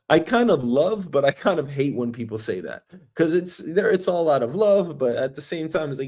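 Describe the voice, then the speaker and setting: Man, new york accent, middle-aged, comedic monologue, swooping lively voice, slightly high. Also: unhurried. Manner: animated storytelling, acts out quoted voices. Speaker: host.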